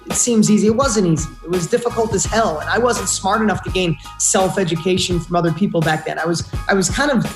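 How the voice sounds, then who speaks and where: A man's voice: high voice, quick pace, few pauses. Emphatic man in a roomy space. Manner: emphatic, blunt, earnest. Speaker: podcast guest. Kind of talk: casual interview talk. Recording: roomy with music behind. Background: music.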